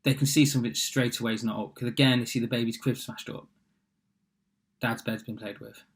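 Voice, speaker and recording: A man's voice: medium pitch, fairly even intonation, brisk, gravelly. A young man casually retells a fairy tale from memory. He talks offhand, with many fillers and side remarks. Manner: rambling and offhand, full of fillers and asides. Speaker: storyteller.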